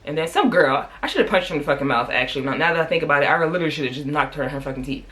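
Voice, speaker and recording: Fast, bright-voiced woman vlogger, candid and profane. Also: low-pitched, animated. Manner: candid, profane, heated retelling. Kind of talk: casual storytelling to camera.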